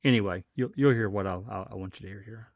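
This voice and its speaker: A man's voice: fairly low pitch, creaky, no room sound. Rambling man hosting a stream. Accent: faint Southern American. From American South. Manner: rambling, halting, many fillers. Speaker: livestream host. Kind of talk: casual commentary. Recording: dull dry lo-fi stream.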